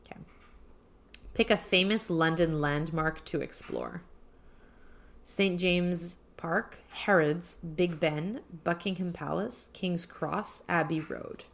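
A woman co-hosting a podcast chats casually and reads out quiz options one by one in a list. Her voice is on the low side, slow and creaky.

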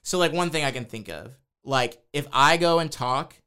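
Bright, clear-voiced man in earnest conversation. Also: fairly high pitch, moderate pace. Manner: filler-heavy, earnest, checks if understood. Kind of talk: casual discussion.

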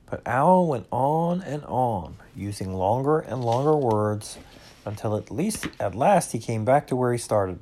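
Man reading a storybook slowly. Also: mid-range voice. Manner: slow, expressive storytelling. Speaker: reader.

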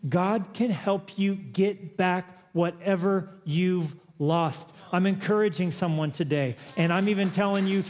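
A man's voice: high voice, a little mellow. A male pastor preaching a sermon, chatty and joking at times, then building to emphatic, rising exhortations. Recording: long reverb of a large hall.

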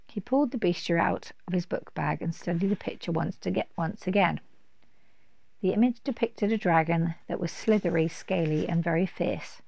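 A woman reading a children's storybook aloud at a steady, unhurried pace. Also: on the low side, vocal fry, no room sound. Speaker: narrator. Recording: dull dry recording.

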